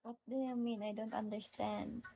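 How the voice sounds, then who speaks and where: A woman's voice: a little high, level tone, normal speed, gravelly, warm tone, slight background noise, poor audio. A young woman with a Filipino accent, chatting casually on a live stream, greeting viewers by name and slipping into Tagalog phrases. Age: young adult. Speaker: livestreamer.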